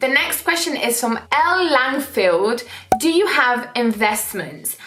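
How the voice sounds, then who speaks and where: A woman's voice: high voice, expressive, slow pace. A woman vlogging in a casual get-ready-with-me chat, candid and emotional, breaking into laughing storytelling. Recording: roomy echo with faint background music.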